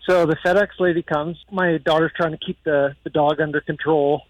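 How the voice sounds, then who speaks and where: A man's voice: on the high side, steady tone, moderate pace, no room sound, dull audio. A middle-aged man calling in to a radio show on the phone, chatty and laughing as he tells a story. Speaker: radio caller. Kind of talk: casual storytelling.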